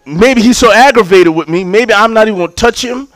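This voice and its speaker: A man, preaching a sermon as a story, acting out scenes and repeating words when excited. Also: high-pitched, a little fast, dry recording, poor audio.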